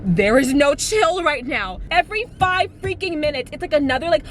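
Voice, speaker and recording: A woman's voice: high voice, big pitch swings, fairly quick, a little hiss or hum. A woman in her twenties chatting casually to the camera, dramatic and full of fillers, acting out little quotes as she talks from inside a car. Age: 20s. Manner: chatty and dramatic, heavy use of "like", acts out quotes. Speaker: vlogger. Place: inside a car while driving. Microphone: camera mic.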